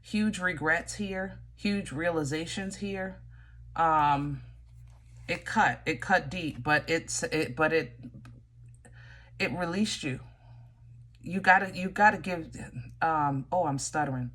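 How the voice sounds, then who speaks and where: A woman's voice: low-pitched, slow, fairly bright tone. A woman giving a casual tarot reading, talking straight to her viewers in a chatty way, often stopping and restarting. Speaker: tarot reader.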